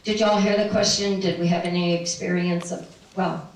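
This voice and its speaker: A woman's voice: lowish voice, level tone, moderate pace. A middle-aged woman telling a personal spiritual story to a live audience, meandering and laughing often. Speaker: spiritual speaker. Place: room with an audience. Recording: very echoey room, distant mic.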